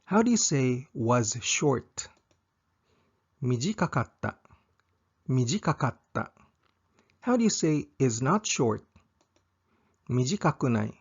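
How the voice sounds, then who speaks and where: A man teaching a language lesson, saying each example slowly and repeating it twice. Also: medium pitch, sing-song, slightly rough, highs cut off.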